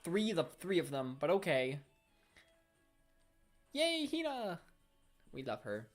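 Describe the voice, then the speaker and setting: A young woman casually commenting while playing a video game, chatty and quick to joke and rant. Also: on the low side, very animated. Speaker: gaming channel host. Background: faint game music.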